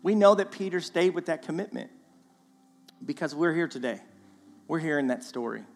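A man giving a guest sermon in a church, animated and conversational with playful asides. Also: fairly high pitch, moderate pace. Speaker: guest speaker. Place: church sanctuary. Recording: long church hall reverb, faint music.

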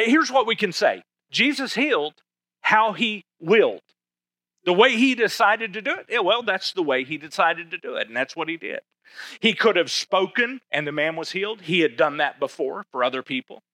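A man preaching a sermon as pastor, slowing down to stress key words. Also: a little high, sharp tone, dry recording. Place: church sanctuary.

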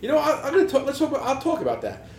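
A man hosting a podcast, swearing freely through lively, animated stories about his tool business. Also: very high voice, rapid-fire. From New Jersey. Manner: profane, animated storytelling. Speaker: podcast host, tool dealer. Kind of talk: casual podcast chat. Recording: roomy echo, faint background hiss.

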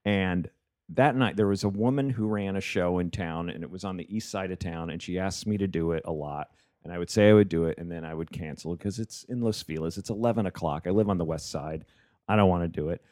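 A male comedian telling a story in casual chat, animated and swearing freely as he acts out what people said. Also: low-pitched, fairly quick. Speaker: comedian podcast host.

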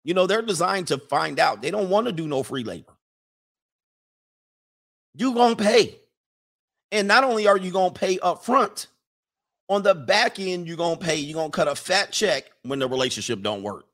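Lecturing his livestream viewers in a casual advice monologue, this host is emphatic, preachy and mocking, reeling off long lists. His high voice has lively intonation, vocal fry and a slightly bright tone, at a moderate pace with frequent pauses.

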